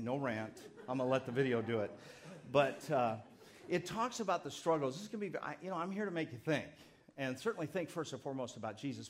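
Pastor, man in his fifties, middle-pitched voice, casual rambling sermon with jokes at his own expense. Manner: chatty, rambling, self-deprecating humor.

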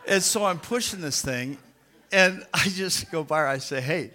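A man's voice: fairly high pitch, normal speed, slight background noise. A man, a pastor, telling a funny anecdote during a sermon and laughing at himself as he goes. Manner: animated, self-mocking storyteller who laughs at himself.

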